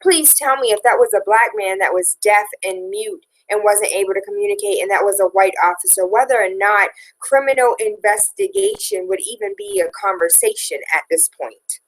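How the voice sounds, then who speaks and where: A woman's voice: mid-range voice, lively intonation, moderate pace, hardly any pauses, poor audio. A woman hosting a talk show, reading news items aloud and adding opinionated, sarcastic commentary. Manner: opinionated, sarcastic, reads headlines then riffs. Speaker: radio talk show host.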